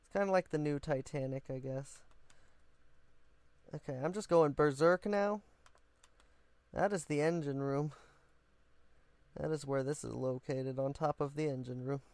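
A man hosts his own building game video, chatting to viewers in a goofy, casual way full of rambling asides. His voice is a little high and a little mellow, paced measuredly with long pauses, and the recording is dry.

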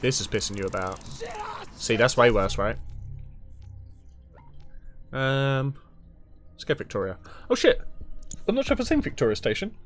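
A man's voice: medium pitch, big pitch swings, moderate pace, pauses often, faint music behind. A man commenting casually on a video game as he plays, crude and joking. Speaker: gaming streamer.

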